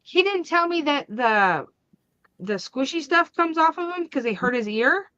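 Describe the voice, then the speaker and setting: A woman's voice: high voice, measured pace, no echo, lo-fi sound. Chatty woman telling a family story. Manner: animated storytelling, acting out family arguments. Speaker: crafting channel host. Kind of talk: casual chat.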